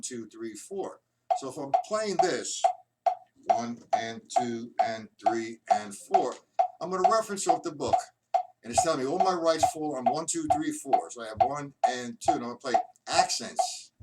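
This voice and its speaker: A man runs a live-streamed drum lesson, counting beats out loud in a patient, even way. His voice sits at a middle pitch. It comes from a distant mic with loud noise around it. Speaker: drum teacher.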